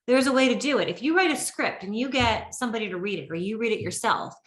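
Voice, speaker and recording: A woman's voice: on the high side, animated, fast talker, fairly bright tone. A woman co-hosting a marketing podcast, explaining things in a casual chat with frequent restarts. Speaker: podcast co-host. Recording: echoey room.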